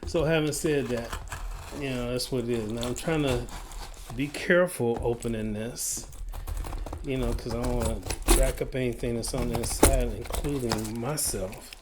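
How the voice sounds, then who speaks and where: A man's voice: medium pitch, normal speed, noisy background. A man chatting casually as he unboxes and reviews a fidget toy, rambling with playful asides. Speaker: product reviewer.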